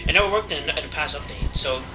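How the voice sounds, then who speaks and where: A man's voice: on the high side, brisk, music in the background, poor audio. A man chatting casually about video games with a friend during a gameplay session, using plenty of fillers. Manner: chatty, talks game news, uses fillers. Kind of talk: casual gaming chat.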